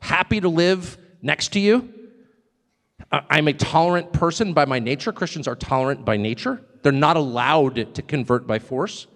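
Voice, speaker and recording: A middle-aged man giving a live public speech as a guest speaker, animated and sardonic, with mocking asides and short chuckles. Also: a little high, moderate pace. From United States. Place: large hall with a live audience. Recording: long hall reverb with crowd.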